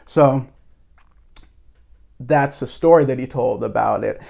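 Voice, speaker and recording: A man's voice: medium pitch, slow pace, vocal fry, a little mellow. A man hosting a video, talking through a movie in a rambling, casual, tongue-in-cheek way. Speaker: video host.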